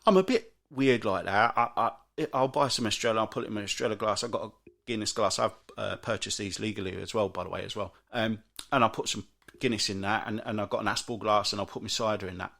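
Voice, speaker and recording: A British man hosting a solo podcast, grumbling in an exasperated rant with frequent restarts and big jumps in pitch. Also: quick pace, creaky, a bit bright. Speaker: podcast host. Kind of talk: solo ranting monologue.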